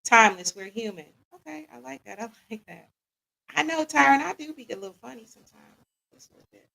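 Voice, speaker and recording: Chatty woman host with a gravelly edge. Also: a little high, expressive, fast talker, sharp tone, poor audio. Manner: casual and conversational, often asks the audience "what y'all think"; reads audience comments aloud and laughs along. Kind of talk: live-stream chat with an audience.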